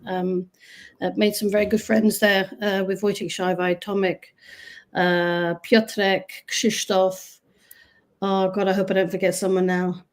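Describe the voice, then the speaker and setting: A woman's voice: mid-range voice, little pitch movement, unhurried. A woman from the United Kingdom, a singer and guest on an interview show, chatting in a rambling, friendly way. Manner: chatty, rambling, warm asides. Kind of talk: casual interview chat.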